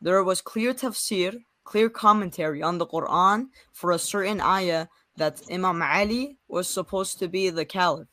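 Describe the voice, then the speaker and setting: A man's voice: high-pitched, normal speed, few pauses, pushed and bright, no echo. A young man in a heated debate, explaining himself defensively with stumbles and restarts. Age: young adult.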